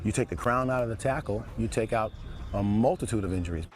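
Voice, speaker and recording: A football coach speaking emphatically in a news interview about tackling safety. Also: male voice, lowish voice, fast talker. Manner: emphatic, insistent.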